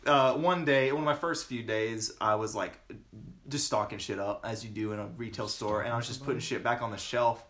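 A man's voice: medium pitch, fairly quick, a bit bright. A young man from the Southern United States casually telling funny workplace stories, laughing often and imitating coworkers. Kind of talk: casual storytelling chat.

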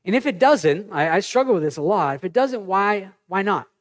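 A man in his thirties, a pastor, preaching a sermon in an animated, conversational way with personal stories. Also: high voice, moderate pace.

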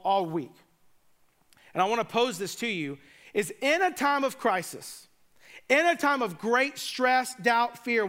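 A man's voice: high-pitched, fairly bright tone. A man preaching a sermon, retelling scripture in a casual, joking way with conversational asides. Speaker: pastor.

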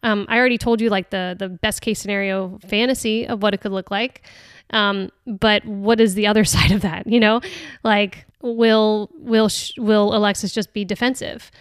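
This woman hosts a podcast and muses casually about a book, earnest and talkative but halting, full of fillers and false starts. She speaks at a moderate pace with a steady, medium-pitched voice that is clear and resonant. The sound is dry and clean, studio-grade.

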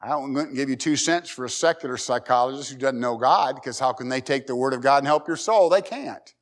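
A middle-aged man preaching a sermon, folksy and emphatic, climbing to loud high peaks and repeating words. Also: brisk. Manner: emphatic, rising loud at key points. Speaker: pastor.

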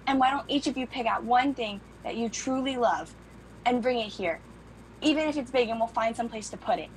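An actress playing a childlike, eager adult daughter who coaxes and pleads in run-on sentences. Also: female voice, a little high, fairly quick, slight background noise, natural voice, poor audio. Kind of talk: film drama acting.

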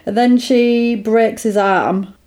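A woman's voice: fairly high pitch, steady tone, slow pace, darkish tone. A woman casually retelling a film plot in a chatty podcast, with lots of fillers.

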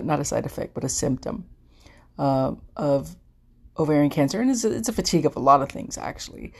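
A woman's voice: low voice, gravelly, darkish tone. A middle-aged woman hosting a podcast, talking earnestly in a casual way, often repeating herself with fillers. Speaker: podcast host. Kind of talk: casual informational podcast talk.

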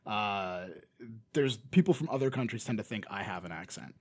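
A man's voice: lowish voice, animated, moderate pace, darkish tone, slightly rough. A man with a Canadian accent co-hosting a podcast in casual chat, rambling and restarting his sentences. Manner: rambling, restarts often, laughs between remarks. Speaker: podcast co-host.

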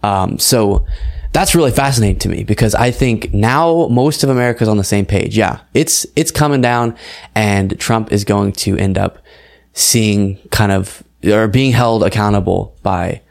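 Low-voiced young male news commentator. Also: moderate pace, creaky. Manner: conversational, incredulous, with fillers and laughs. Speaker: political commentary show host. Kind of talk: casual online news commentary.

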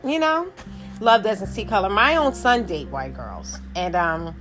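A woman's voice: mid-range voice, big pitch swings, measured pace, fairly bright tone, soft background music. A middle-aged woman vlogging, telling a story in a rambling, emphatic way, full of asides and restarts. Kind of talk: casual storytelling monologue.

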